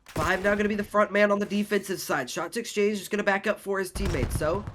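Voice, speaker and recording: A man's voice: sits high, fast, background noise. Congested man calling game play-by-play. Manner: steady analytical play-by-play. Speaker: esports caster. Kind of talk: play-by-play commentary.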